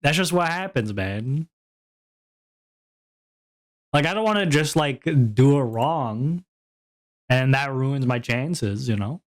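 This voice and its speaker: Slow, rambling young streamer guy. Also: medium pitch, animated. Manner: rambling, self-deprecating, lots of fillers. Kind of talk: casual stream chat.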